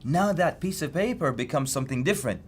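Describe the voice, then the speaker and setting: A man's voice: a little high, animated, fast talker, slight background noise. A man giving a recorded lecture, telling stories in a conversational way and often repeating and restarting his words. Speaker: Islamic course lecturer.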